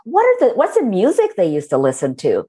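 A woman author being interviewed, who tells her stories in a warm, animated way. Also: mid-range voice, a little fast, breathy edge. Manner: warm, storytelling, animated when recalling moments. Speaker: author and guest. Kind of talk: conversational interview.

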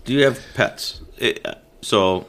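A middle-aged man co-hosting a podcast, chatting casually and joking over cocktails in an animated way. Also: mid-range voice, measured pace. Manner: animated, joking, trails off mid-sentence. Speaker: podcast co-host.

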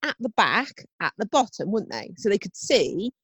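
Lively woman telling a funny story. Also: medium pitch, moderate pace, husky, no echo. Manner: animated storyteller, acts out voices, laughs often. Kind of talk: casual chat, storytelling.

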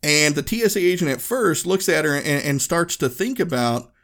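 Gravelly man telling a podcast story. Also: on the high side, moderate pace. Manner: relaxed, conversational, reflective. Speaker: podcast host.

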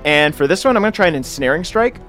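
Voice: mid-range voice, lively intonation, fast talker, over music. A playful, jokey player describing their moves in a tabletop game.

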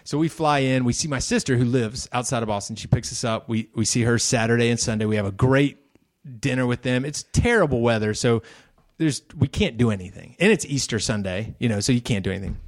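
A middle-aged man chatting casually as a podcast co-host, telling a long story with lively energy. He slips into quoted voices of others as he goes, at an even middle pitch. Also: a little fast. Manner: animated, acts out his son's voice in quotes.

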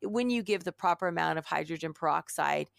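Brief: middle-aged woman, low gravelly voice, animated storyteller, dry close sound. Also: brisk, no room sound. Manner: animated storyteller, acts out quotes. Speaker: podcast co-host. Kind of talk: casual chat.

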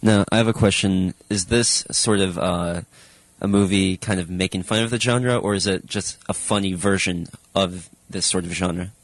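A male interviewer asking casual, somewhat halting questions. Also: deep voice, steady tone, no room sound.

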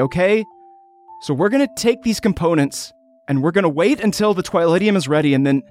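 A man speaking in character as a tabletop player, earnest and halting. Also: sits high. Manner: earnest, halting speech with restarts. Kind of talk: in-character tabletop role-play.

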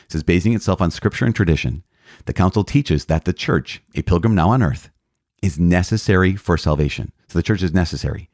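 Low-voiced priest talking catechism, earnest and emphatic, dry close sound. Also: male voice, fairly quick, a little mellow, dry recording. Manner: earnest, emphatic, restarts and self-corrections. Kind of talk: catechism teaching talk.

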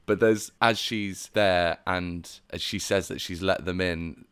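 A man's voice: low voice, steady tone, a little slow, a bit bright. A man chatting casually about a film as podcast co-host, telling scenes animatedly with frequent laughter and swearing.

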